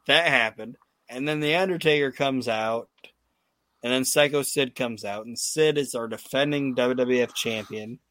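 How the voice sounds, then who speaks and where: A man's voice: mid-range voice, a little slow, fairly bright tone, no echo. Laughing man recapping a wrestling show. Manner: laughs often, acts out quotes in put-on voices. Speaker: podcast host. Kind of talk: casual podcast chat recapping wrestling.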